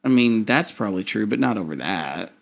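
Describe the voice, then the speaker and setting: A man's voice: on the low side, animated, fairly quick, creaky. A man, a pastor co-hosting a casual podcast and teasing his wife. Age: 30s. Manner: laid-back, self-deprecating, teasing. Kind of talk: casual chat.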